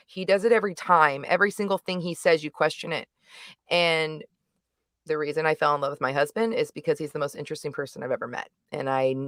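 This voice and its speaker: A middle-aged woman chats through a movie review with animated emphasis, often circling back to restate her point. Her voice is smooth and resonant, recorded close and dry. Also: sits low, dry recording. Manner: animated, emphatic, rambling with self-corrections. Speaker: guest reviewer. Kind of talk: casual livestream movie review chat.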